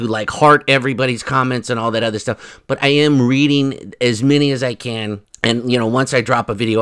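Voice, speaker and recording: Male vlog host with a bright, forceful voice, rambling casual chat to viewers. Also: mid-range voice. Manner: chatty, rambling, mocking asides. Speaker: commentary channel host.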